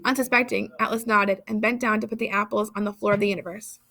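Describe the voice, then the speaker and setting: A woman reading literary passages aloud in a measured, expressive way. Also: medium pitch. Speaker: reader.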